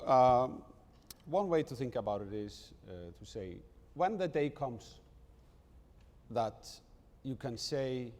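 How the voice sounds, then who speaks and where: A man answers a panel question as a prime minister. He speaks very slowly and deliberately, pausing between phrases. He sounds distant, and a long hall reverb follows his words. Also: medium pitch, darkish tone.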